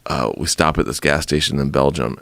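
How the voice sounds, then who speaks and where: Deep-voiced man telling a story. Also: a little fast, gravelly, no room sound. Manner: animated, laughing storyteller. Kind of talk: casual storytelling.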